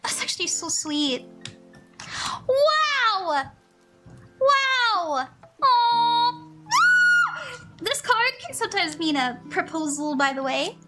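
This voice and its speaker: A young tarot reader on a livestream speaks at normal speed with few pauses, her high-pitched voice swinging widely in pitch. Faint music plays as she chats casually, gushing, emotional and laughing often with her viewers.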